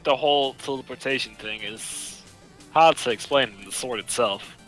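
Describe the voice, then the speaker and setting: A man voicing a learned lore-keeper who explains sword legends in a measured way over voice chat. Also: medium pitch, fairly bright tone, soft background music, lightly acted, poor audio. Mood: explaining.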